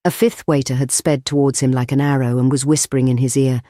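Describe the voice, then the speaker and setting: Audiobook narrator reading an old detective story, steady and even, dry close sound. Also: medium pitch, quick pace, few pauses, no room sound. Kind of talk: scripted narration of a classic novel.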